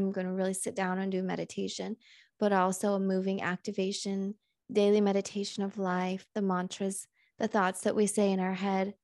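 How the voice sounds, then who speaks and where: Woman host channeling messages, mellow and even-toned, dry close sound. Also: mid-range voice, dry recording. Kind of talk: guided channeling session.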